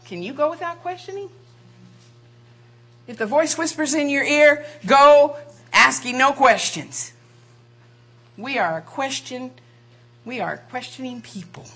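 A woman's voice: high voice, animated, moderate pace, pauses often, a bit bright. A woman preaching a sermon, asking rhetorical questions and drawing out key phrases for emphasis.

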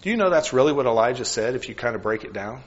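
A man preaching a sermon in an earnest, questioning way, often dropping his voice softly on key lines. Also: medium pitch, lively intonation, racing, big-room sound, lo-fi sound.

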